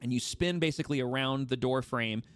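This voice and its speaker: Animated man narrating as game master. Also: medium pitch, a little fast, clean tone. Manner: lively, animated narration with frequent restarts and laughter.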